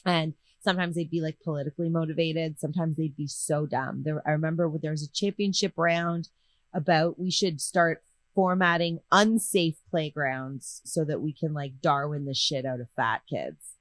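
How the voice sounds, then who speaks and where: Low-voiced, blunt woman. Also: fairly even intonation. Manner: quick, blunt, joking. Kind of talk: casual chat.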